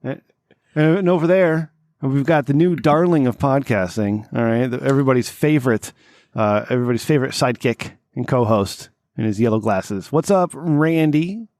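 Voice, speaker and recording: A man's voice: mid-range voice, moderate pace, darkish tone, no room sound, studio quality. A man hosting a comedy podcast, rambling and sarcastic with a lot of swearing, groggy from having just woken up. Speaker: podcast host. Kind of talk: casual comedic podcast chat.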